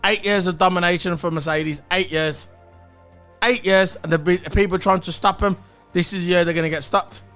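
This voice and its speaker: A man's voice: sits high, steady tone, normal speed, fairly bright tone, faint music behind. A man giving a blunt, opinionated solo review of a race, swearing and repeating his points. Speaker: motorsport commentator.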